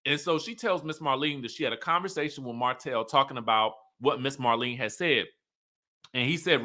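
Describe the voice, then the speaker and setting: Chatty bright-voiced male YouTuber. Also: a little high, a little fast. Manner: animated, chatty, laughs often. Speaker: YouTube recap host. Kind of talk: casual reality TV recap commentary.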